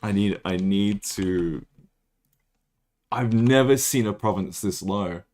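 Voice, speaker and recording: A man's voice: fairly low pitch, slow pace, darkish tone. A young Australian man from the Northern Territory, chatting casually and rambling while he livestreams a strategy game. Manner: rambling, self-deprecating, laughs often. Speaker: streamer.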